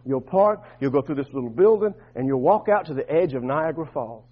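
Man pastor preaching, high husky voice, rising to loud bursts then dropping soft, muffled church recording. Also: animated, brisk. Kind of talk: sermon.

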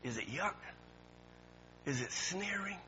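A pastor preaching a sermon, swinging from quiet talk to shouting and repeating his words. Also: high voice, lively intonation, slow pace, slight background noise. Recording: dull lo-fi recording.

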